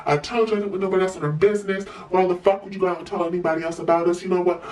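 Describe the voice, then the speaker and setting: A woman's voice: fairly low pitch, fairly even intonation, very fast, darkish tone, distant mic, pitched below the performer's own voice, lightly acted. A woman playing a furious cursing young man. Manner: cursing, aggressive.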